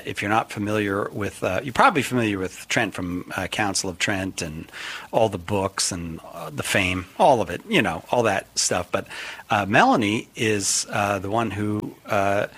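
A man hosting a live radio talk show and introducing his guests in a relaxed, halting way with many fillers. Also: fairly low pitch. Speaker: radio host.

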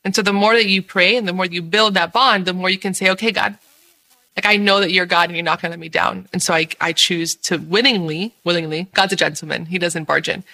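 A woman's voice: lowish voice, steady tone, brisk, pushed and bright, low-quality recording. A woman with a bubbly, earnest way of talking, sharing a personal faith reflection to camera and laughing often.

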